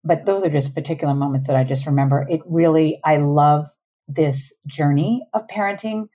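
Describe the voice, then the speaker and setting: A woman's voice: low-pitched, moderate pace, warm tone. A woman in her forties speaking earnestly as a parenting coach on a podcast, laughing often. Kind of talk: casual interview talk.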